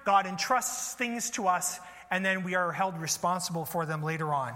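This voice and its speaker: A man preaching a sermon, animated and storytelling, asking his listeners questions in a church hall. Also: high-pitched, moderate pace. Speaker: pastor.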